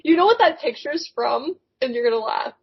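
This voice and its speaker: A young adult woman co-hosting a podcast over a remote call, chatting casually in an excitable, rambling way that often tips into giggles. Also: high voice, brisk, gravelly, breathy edge, muffled recording. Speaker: podcast co-host. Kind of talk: casual chat. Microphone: remote call microphone.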